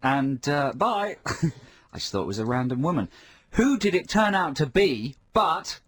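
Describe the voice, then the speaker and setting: A man's voice: on the high side, lively intonation, moderate pace, slightly rough. A man with an English accent, co-hosting a radio show and teasing his partner in casual banter in a studio.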